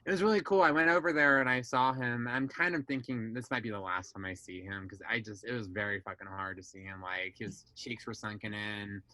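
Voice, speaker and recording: A man's voice: lowish voice, a little fast, hardly any pauses, pushed and bright, dry recording, rough recording. A young man on a casual podcast, telling personal family stories candidly, swearing freely and acting out relatives' dialogue. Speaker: guest.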